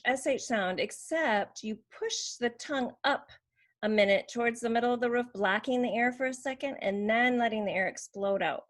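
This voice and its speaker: A woman's voice: fairly high pitch, a little fast, fairly bright tone. A woman teaching how to make speech sounds, explaining patiently and demonstrating each sound. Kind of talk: slow instructional demonstration.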